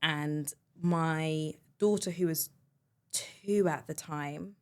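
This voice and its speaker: A woman hosting a podcast, a mother telling a personal story in a chatty, animated way. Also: deep voice, extremely slow. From United Kingdom. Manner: chatty, animated storyteller, many fillers and restarts. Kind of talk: conversational storytelling.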